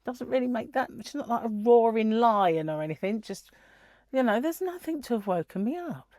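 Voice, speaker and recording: A woman's voice: a little high, lively intonation, normal speed, a little mellow, no echo. Chatty, giggly woman. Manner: chatty, giggly, rambling storytelling. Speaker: crochet vlogger. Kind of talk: casual chat.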